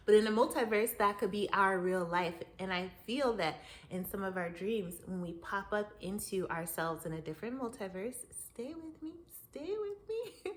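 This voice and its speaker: A woman hosting her own talk show, spinning a long story in a loose, chatty monologue. She is animated, laughs often, and speaks straight to the listener. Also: fairly low pitch. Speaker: podcast host.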